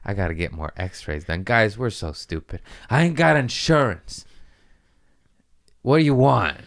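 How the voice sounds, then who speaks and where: A man's voice: on the low side, a little slow, creaky. A young adult man tells a story in a casual podcast chat. His voice swings widely up and down as he acts out the people in it, yelping and cursing along the way. The talk is loose and comic. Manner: animated, profane, acts out quoted voices and yelps. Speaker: podcast host.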